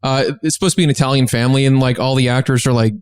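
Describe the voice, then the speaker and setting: A man's voice: medium pitch, fairly even intonation, very fast, clear, resonant tone, no room sound. Dry-voiced, laid-back male co-host. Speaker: podcast co-host. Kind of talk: casual podcast chat.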